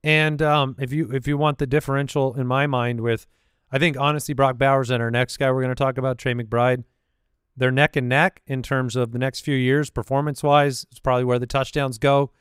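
A man hosting a fantasy football podcast, rattling off statistics in a measured, confident way during casual sports analysis. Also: medium pitch, flat delivery, clean tone, no room sound, clean studio sound.

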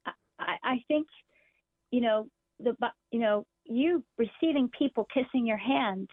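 A woman's voice: fairly high pitch, a little slow, no echo. A woman guest telling a story animatedly, laughing often as she recounts it. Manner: animated, laughing, excited retelling. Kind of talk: casual storytelling chat. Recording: tinny phone-like call audio.

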